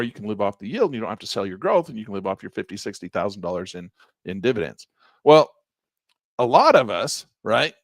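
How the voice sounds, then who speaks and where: A man's voice: lowish voice, dry recording, studio quality. A man hosting an investing channel, talking casually and emphatically to his viewers, often repeating himself.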